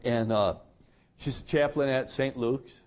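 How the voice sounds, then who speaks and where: A middle-aged male pastor delivers a radio sermon at a measured pace. He tells a story conversationally, his pitch jumping in lively ways.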